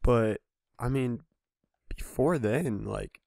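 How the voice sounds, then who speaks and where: Young man, gaming host, unhurried drawl, dry close mic, self-mocking jokes. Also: mid-range voice, vocal fry, a little mellow, dry recording. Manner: joking, self-mocking, rambling asides. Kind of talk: solo let's-play commentary.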